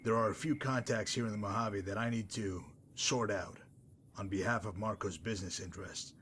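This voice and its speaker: A man voicing a smug, sardonic male messenger-mercenary in a game, dry and mocking in manner, wordy and unhurried. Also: fairly low pitch, fairly even intonation, fairly bright tone, a little hiss or hum, close to an everyday voice. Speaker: game character. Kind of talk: voiced game dialogue.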